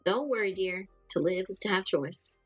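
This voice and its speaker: A woman voicing a calm, caring female sea witch in a game, reading in a slow, soothing, motherly way. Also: mid-range voice, husky, dry recording, soft background music, close to an everyday voice. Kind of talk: reading game dialogue aloud.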